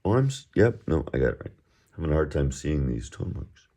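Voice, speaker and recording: A man teaching Mandarin tones in an easygoing way, drilling words and repeating them, with relaxed chatty asides. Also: rumbling low, brisk. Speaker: Chinese teacher. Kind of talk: recorded language lesson.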